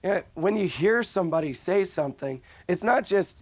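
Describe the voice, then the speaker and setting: A man's voice: high-pitched, animated, normal speed, hardly any pauses, dry recording. A young man giving an informal, earnest talk on scripture, often restarting his sentences. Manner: earnest, frequent restarts and fillers. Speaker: religious speaker.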